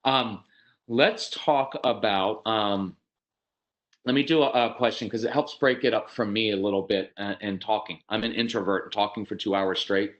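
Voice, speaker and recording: A man with a lowish, slightly bright voice gives parenting advice over a video call at a moderate pace and fairly even intonation. He talks loosely and conversationally, sometimes with eyes closed, occasionally acting out a parent or child. The audio sounds dull.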